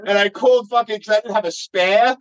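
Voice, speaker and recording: A fast-talking man with a high-sitting voice appears as a podcast guest, rambling through a story in casual conversation and swearing freely. It's a dull, lo-fi recording.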